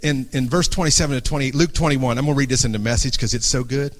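A middle-aged man preaching an impassioned sermon to a congregation, dropping to a hush and then rising, often restarting phrases. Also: mid-range voice, steady tone, fast. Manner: earnest, swings from hushed to raised, restarts phrases. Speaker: pastor. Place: church before a congregation.

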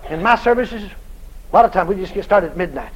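A male evangelist tells a story from the pulpit in a folksy, dramatic way. His voice sits very high for a man and leaps up and down constantly. He bursts into shouts whenever he acts out what someone said. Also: lively intonation, a little fast, lo-fi sound, a little hiss or hum. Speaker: evangelist preacher. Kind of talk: storytelling sermon.

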